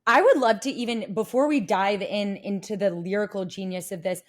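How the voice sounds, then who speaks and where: A woman therapist reacts to a song in an enthusiastic, casual way. Her voice sits at a middle pitch. Music plays loudly behind her. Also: normal speed.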